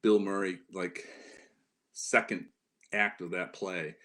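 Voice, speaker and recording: A man's voice: low voice, steady tone, slow pace, fairly bright tone. A middle-aged man from Upstate New York, telling long anecdotes in a casual interview, full of fillers and restarts. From Upstate New York, near Lake Ontario. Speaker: interview guest, former White House staffer.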